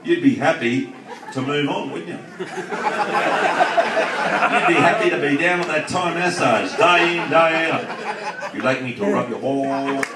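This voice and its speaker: A man's voice: fairly high pitch, unhurried, long pauses, very noisy. An Australian man doing live stand-up comedy, crude and insulting as he works over the audience in a pub. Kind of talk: live stand-up with crowd work. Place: pub function room in front of a live audience. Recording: roomy live pub gig, mic heard from a distance, loud crowd laughter.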